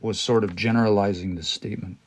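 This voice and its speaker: A man's voice: lowish voice, steady tone, fast. A man teaching a language on a livestream, thinking aloud and explaining word by word, with many restarts and hesitations.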